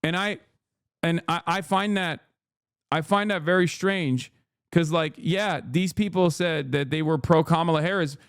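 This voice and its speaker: A man's voice: fairly high pitch, measured pace, clear, resonant tone, no room sound, studio quality. A man ranting on a live stream, profane and heated, mocking others by putting on voices for their quotes. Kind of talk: live stream reaction rant.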